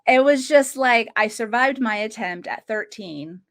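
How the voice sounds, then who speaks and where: Her voice is a little high, a bit bright and unhurried as she hosts a podcast. In her late thirties, she chats casually and earnestly, telling a story and laughing in short bursts along the way.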